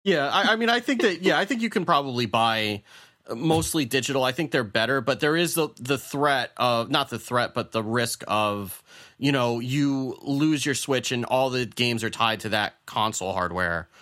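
A man's voice: medium pitch, animated, moderate pace, sharp tone. A man co-hosting a casual podcast chat, reading out a listener question and answering in a chatty way with many restarts. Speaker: podcast co-host.

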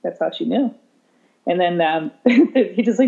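A woman special education teacher telling a story in conversation, animated, laughing often and voicing the people she quotes. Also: medium pitch, takes it slowly, gravelly, long pauses. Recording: slightly dull lo-fi sound.

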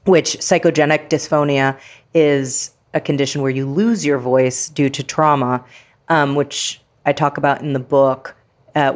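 Low-voiced woman musing reflectively. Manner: reflective, filler-heavy, playful. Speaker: author and guest. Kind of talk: casual interview talk.

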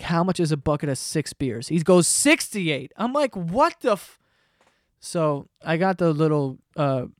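A man's voice: fairly high pitch, dry recording, clean studio sound. A young man telling rambling, profane stories in a casual podcast monologue. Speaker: podcast host.

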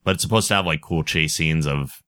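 A man hosting a podcast in casual chat, talking in a relaxed, chatty way and reading out plugs and contact details. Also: rumbling low, fairly quick, smooth. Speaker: podcast host.

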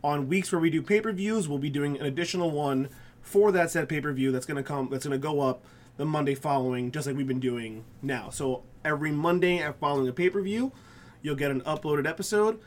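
A man hosts a podcast in a relaxed, chatty way and laughs easily with his co-hosts. His voice sits a little higher than most men's. He talks things through as he goes, with small restarts. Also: a little fast. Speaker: podcast host. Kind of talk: casual chat.

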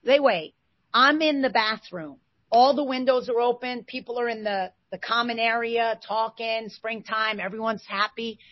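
A woman in her forties, a former basketball player, telling stories as an interview guest with lively bursts of excitement. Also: on the high side, moderate pace, dry recording. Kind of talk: animated storytelling. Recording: dull, slightly lo-fi sound.

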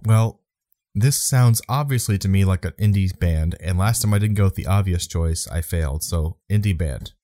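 A man's voice: low-pitched, moderate pace, warm tone, no room sound, clean studio sound. A man co-hosting a casual podcast, laughing often and blurting out swears. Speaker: podcast co-host.

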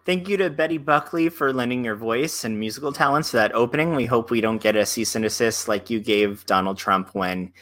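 A man's voice: mid-range voice, fairly quick, hardly any pauses, a bit bright. A man co-hosting a theater talk show, chatty and rambling with asides. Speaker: podcast co-host.

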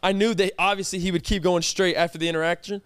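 Excitable young man, high voice. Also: fast, clean tone, no echo. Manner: animated, swears often, breaks into laughter. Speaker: podcast co-host. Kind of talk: casual storytelling chat.

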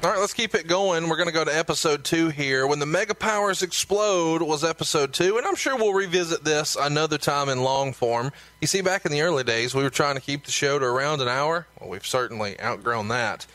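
A man hosting a talk podcast, leading into segments briskly. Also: a little high, a bit bright, no room sound. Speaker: host.

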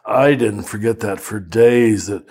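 Older male priest, unhurried reflective storyteller, measured delivery. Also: fairly low pitch, a little mellow, slightly rough. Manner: slow, storytelling, self-deprecating. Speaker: priest and teacher. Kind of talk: reflective podcast conversation.

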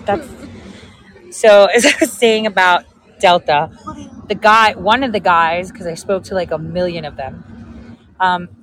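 A woman's voice: fairly low pitch, unhurried, long pauses, fairly bright tone, slight background noise, poor audio. A woman telling a story in a casual vlog, chatty and sarcastic, often laughing. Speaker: vlogger.

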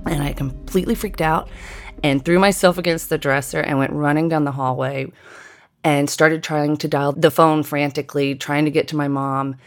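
A middle-aged woman narrating a personal story in a measured, deliberate way. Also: low voice, steady tone. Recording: guitar music underneath.

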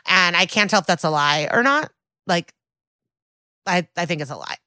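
A woman's voice: on the low side, normal speed, no room sound. A woman co-hosting a podcast, recapping a TV episode in casual chat and acting out the characters' lines with lots of "like.". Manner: animated storytelling, acts out quotes, many "like"s. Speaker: podcast co-host.

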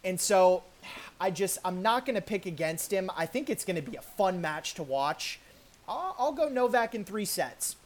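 A woman's voice: mid-range voice, expressive, normal speed, a little mellow. A woman co-hosting a tennis podcast, chatting casually with lots of fillers and restarts. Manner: conversational, many fillers and restarts. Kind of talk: casual sports chat.

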